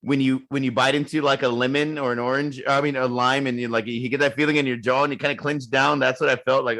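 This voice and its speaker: Male podcast co-host, mid pitch, lively and loose, curses, repeats himself. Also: fast talker, hardly any pauses. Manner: animated, swears freely, repeats words. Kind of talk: casual chat.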